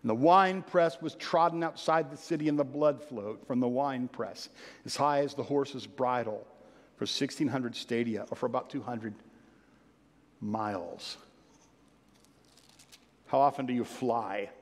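A man preaching a sermon, reading scripture and telling playful stories with sudden loud bursts of excitement. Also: mid-range voice, measured pace, pauses often. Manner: animated, playful storytelling with sudden loud outbursts. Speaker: pastor. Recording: long hall reverb.

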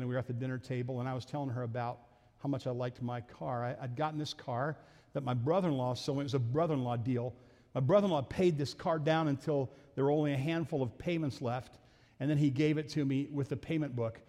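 Folksy middle-aged pastor in a reverberant hall. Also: male voice, mid-range voice, dark tone. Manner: folksy, acts out family voices in his story. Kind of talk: storytelling sermon. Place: church sanctuary. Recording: reverberant church hall with faint music.

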